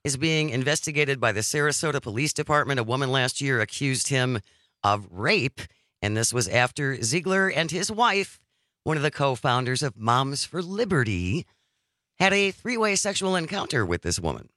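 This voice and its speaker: A man hosts a live talk radio show, his voice bright and forward. He reads listener texts and news items in a wry, chatty way. The studio mic sounds close and dry. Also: mid-range voice, expressive, normal speed, no echo. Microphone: studio microphone.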